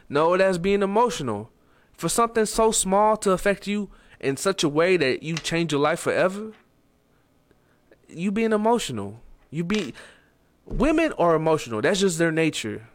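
A man's voice: fairly high pitch, big pitch swings, moderate pace. Blunt man preaching in a raised voice. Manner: blunt and preachy, swearing, with sudden loud emphatic rises. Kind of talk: casual motivational monologue.

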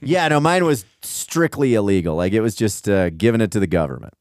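A man's voice: on the low side, sing-song, fairly quick, darkish tone, no room sound, clean studio sound. A man co-hosting a casual comedy podcast, joking around and slipping into a mock announcer voice. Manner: playful, breaks into mock ad-announcer voice. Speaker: podcast co-host.

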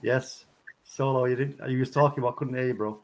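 A man on a casual podcast panel over a video call, laughing often and telling stories in an animated way. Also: mid-range voice, fairly quick. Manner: laughs a lot, animated storyteller. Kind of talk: casual chat, anecdote telling.

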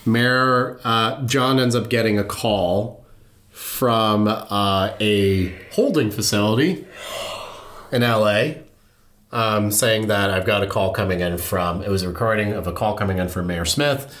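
A man's voice: on the low side, unhurried, a bit bright, reverberant. A man hosting a podcast, retelling a true-crime story in a loose, conversational way with fillers and easy laughs. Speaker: podcast host.

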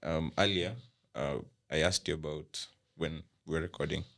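A man interviewing a guest in casual chat, asking halting questions full of ums. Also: very deep voice, steady tone, creaky, fairly bright tone. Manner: hesitant, halting, many fillers.

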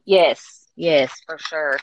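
A woman with a Southern US accent co-hosting a casual chat, lively and quick to laugh. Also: deep voice, dull audio, a little hiss or hum. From US West Coast. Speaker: co-host.

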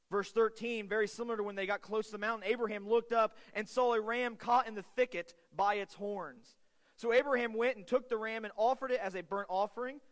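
A male pastor preaching a sermon with an earnest manner, rising to loud, urgent peaks and then dropping to quiet stretches. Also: high-pitched. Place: church sanctuary. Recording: long hall reverb.

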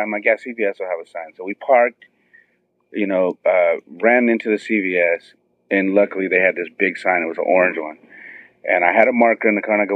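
A middle-aged man excitedly telling a long story and acting out what everyone said, heard over a phone line. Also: deep voice, fast, dry recording. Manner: excited, tells it with many quoted voices. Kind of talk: animated storytelling on a phone call. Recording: tinny phone line, dry.

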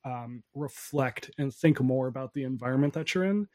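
A man from the Northwest, talking casually and haltingly with many "like" fillers. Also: medium pitch, darkish tone. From Pacific Northwest, USA. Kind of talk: casual podcast chat.

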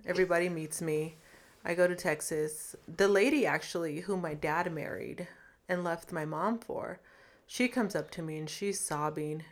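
A woman frankly telling her own life story in a casual interview, with many fillers. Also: lowish voice. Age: adult. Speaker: guest. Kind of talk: candid personal storytelling.

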